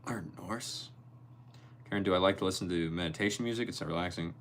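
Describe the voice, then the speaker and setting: Deep-voiced young man chatting on stream. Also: very fast, fairly bright tone, a little hiss or hum. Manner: reads viewer comments aloud and answers them by name. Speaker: livestream host. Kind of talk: casual livestream chat. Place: his bedroom.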